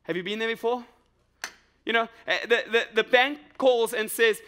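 A man preaching in a church, his voice high and bright as he works the room. He jokes, repeats his lines and keeps asking the congregation questions in a lively call-and-response sermon. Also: a little fast. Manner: energetic, jokey, repeats phrases and asks the crowd questions. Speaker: pastor. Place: church sanctuary with live congregation.

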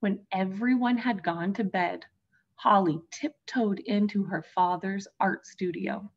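Slow, gentle woman reading a storybook. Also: mid-range voice, dull audio. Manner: gentle, addresses listeners as friends. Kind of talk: storybook read-aloud for children.

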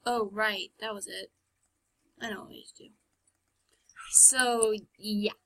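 A woman's voice: medium pitch, fairly even intonation, unhurried, fairly bright tone, poor audio. A woman giving casual gameplay commentary, chatty and self-mocking, often muttering and whispering to herself. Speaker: game let's-player.

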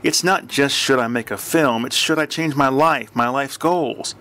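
A man's voice: medium pitch, normal speed, fairly bright tone, pitched above the performer's own voice, lightly acted. A man voicing an earnest male novelist near sixty, searching for meaning, in an audiobook.

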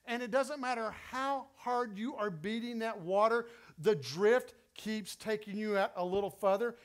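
Man, West Texas accent, pastor, storytelling sermon, animated and emphatic, strikingly high-pitched. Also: measured pace.

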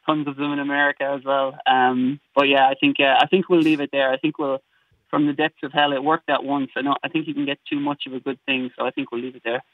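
A man's voice: mid-range voice, level tone, quick pace, few pauses. An Irish man chatting as a guest on a phone interview, cheerful and self-deprecating. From Ireland. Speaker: guest commentator. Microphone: phone line. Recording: tinny dry phone line.

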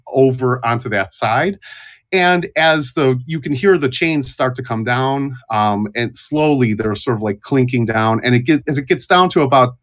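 A man narrating as game master of a tabletop game, descriptive with fillers. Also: mid-range voice. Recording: dull lo-fi audio.

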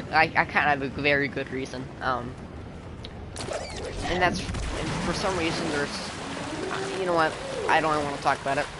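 Over noisy game stream audio, a young man with a voice on the high side rambles through casual gaming chat at a normal speed. He's excitable and keeps saying bro to everyone.

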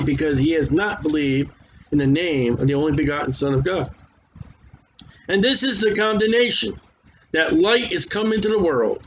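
A man's voice: fairly high pitch, a little hiss or hum. A man preaching a sermon and reading scripture aloud, talking casually and stumbling over hard names, his voice worn. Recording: dull lo-fi recording.

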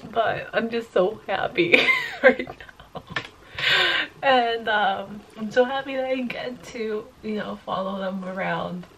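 A young woman in her twenties talks to her camera in a slow, gravelly-edged voice with plenty of vocal fry. She is emotional and close to tears, gushing and giggling between her words. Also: medium pitch, big pitch swings, fairly bright tone, a little hiss or hum. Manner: gushing, giggly, breaks into laughter often. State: teary and emotional. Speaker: vlogger. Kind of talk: casual emotional vlog to camera.

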